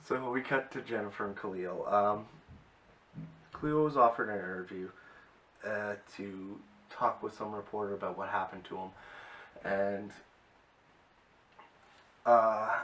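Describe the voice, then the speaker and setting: Male reviewer, low voice, loose enthusiastic recap full of fillers; distant mic with light hiss. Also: a little slow, long pauses, fairly bright tone. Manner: rambling, filler-heavy, enthusiastic. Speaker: video reviewer. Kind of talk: casual episode recap.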